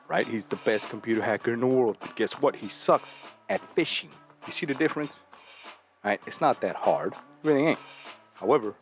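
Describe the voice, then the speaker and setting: A man hosting a talk show, lecturing bluntly and profanely, full of rhetorical questions. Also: fairly low pitch. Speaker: podcast host giving dating advice. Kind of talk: casual talk.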